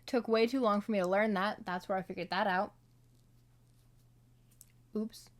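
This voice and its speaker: A woman's voice: medium pitch, fairly even intonation, moderate pace. A woman casually talking through her notes on a film, rambling with lots of fillers and asides. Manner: slips into playful accents when quoting. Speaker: solo vlogger reviewing a film. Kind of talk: casual commentary read from notes.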